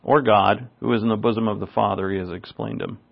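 A man teaching verse by verse from the Bible, stressing key words and often clearing his throat. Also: on the low side, fairly even intonation, fast talker. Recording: slightly dull lo-fi sound.

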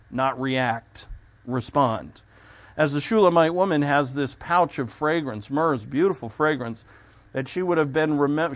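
Male preacher, mid-pitch, talks easily and restarts his sentences. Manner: conversational preaching with restarts and asides. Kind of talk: sermon.

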